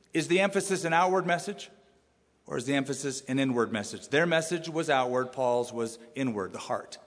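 A man preaching a sermon as pastor, animated, with rising emphasis and sudden drops to a quiet voice. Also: mid-range voice, long reverb tail.

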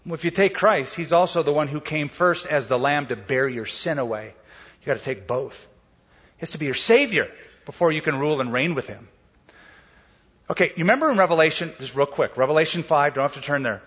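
A man's voice: a little high, animated, moderate pace, long pauses, fairly bright tone, husky, big-room sound, muffled recording. A man preaching a sermon, explaining scripture in a casual storytelling way and acting out the quotes. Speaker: pastor.

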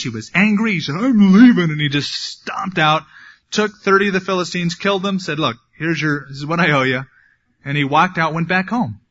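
Male pastor, slightly high voice, bright tone, casual Bible teaching with wry asides, dull lo-fi recording. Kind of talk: sermon.

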